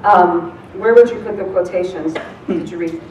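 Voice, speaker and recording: A woman presents a proofreading seminar in a large room full of people, relaxed and chatty with plenty of "um"s, in a classroom teaching style. Her voice is lowish at a moderate pace, and the distant, echoey recording carries a little hiss or hum.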